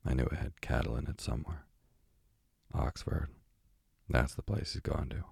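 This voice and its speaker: Chatty old female parrot for a sleep storybook, read by a man in his own very deep, gravelly voice; calm and unhurried. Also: no echo, studio quality, heavily acted. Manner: calm, slow bedtime reading. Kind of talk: bedtime story reading.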